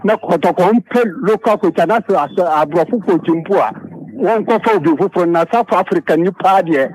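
Fervent caller praising God. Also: male voice, sits high, lively intonation, moderate pace, poor audio. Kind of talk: radio call-in with religious phrasing.

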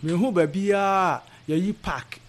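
A man's voice: high-pitched, measured pace, slight background noise. A man from Ghana, a guest in a casual interview, talking with many hesitations and restarts.

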